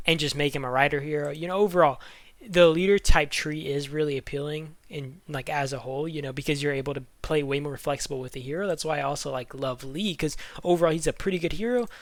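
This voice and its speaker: A man's voice: a little high, dry recording. A man giving casual game strategy commentary, rambling with lots of fillers and restarts, out of breath. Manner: rambling, filler-heavy, self-correcting. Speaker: gaming YouTuber.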